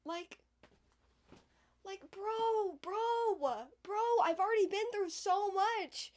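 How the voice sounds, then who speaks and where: A woman's voice: extremely high pitch, animated, slow. A young woman telling a personal story in a casual vlog, chatty and full of "like," with emphatic bursts. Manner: chatty, fills speech with "like", emphatic swings in loudness. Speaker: podcast host.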